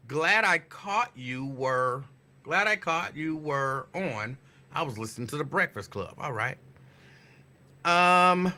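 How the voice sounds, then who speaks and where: A man hosting a casual live talk show, greeting listeners by name and teasing them playfully with loud, emphatic bursts. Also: a little high. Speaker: radio host. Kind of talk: casual live-show chat reading listener shout-outs.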